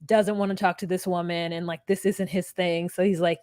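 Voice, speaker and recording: A woman's voice: on the low side, level tone, a little fast, few pauses, a little mellow, smooth, no room sound, clean studio sound. A young woman co-hosting a podcast, recapping casually, laughing often and mimicking people she quotes. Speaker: podcast co-host. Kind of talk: casual reality-TV recap chat.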